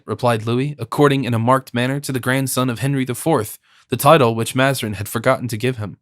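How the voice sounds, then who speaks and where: A man narrating a classic novel in a measured, formal storytelling manner on a close studio mic. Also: mid-range voice, fairly even intonation, no echo. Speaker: audiobook narrator. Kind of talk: scripted narration.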